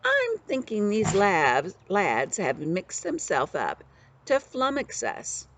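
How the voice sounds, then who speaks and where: A grandma doing a gruff bossy outlaw. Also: female voice, mid-range voice, wildly swooping pitch, slow pace, a little hiss or hum, voice pushed up. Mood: suspicious. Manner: coarse old-fashioned slang, bossy. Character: gruff boastful male outlaw leader.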